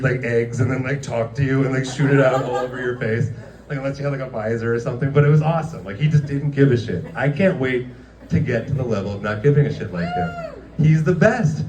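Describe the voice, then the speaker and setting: Man, stand-up comic, rambling storyteller, filler-heavy, roomy echo, distant mic. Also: mid-range voice. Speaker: stand-up comedian. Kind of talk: stand-up comedy set. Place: guerrilla comedy show venue. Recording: echoey room from far off.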